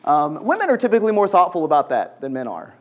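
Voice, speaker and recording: Speaking fast in a fairly high voice, a man teaches a conversational Bible lesson to a group in a large church room. He's animated, asks the audience questions and acts out quotes.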